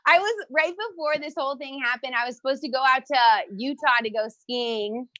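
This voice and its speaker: A young woman performs stand-up over a video stream, loud and giggly as she confides in her audience. Her voice sits high, and the sound is dry and close, with no room echo. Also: a little fast. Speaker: stand-up comedian. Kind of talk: online stand-up set. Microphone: handheld mic held to a phone.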